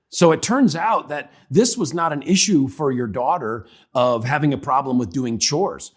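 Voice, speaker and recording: Man giving a lively parenting talk. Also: medium pitch, normal speed, few pauses, slightly rough. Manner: conversational, humorous, acts out examples. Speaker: parenting speaker.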